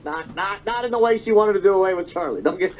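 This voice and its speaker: A man's voice: sits high, fast talker, a crowd in the background, poor audio. Emotional man commentating, repeating himself. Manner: emotional, repeats phrases, self-corrects. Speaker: political commentator. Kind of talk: monologue commentary.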